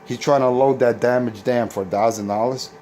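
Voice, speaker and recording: A man's voice: medium pitch, fairly even intonation, a little fast, mellow, slight background noise. Boastful, taunting man on a CB radio show. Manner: boastful, taunting trash talk. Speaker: CB radio operator and channel host. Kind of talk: casual radio banter video.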